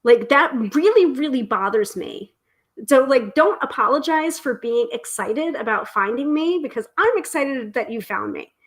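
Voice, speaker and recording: A middle-aged woman hosting a live tarot stream, talking casually and excitedly with many fillers and restarts. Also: high voice, normal speed, poor audio. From United States.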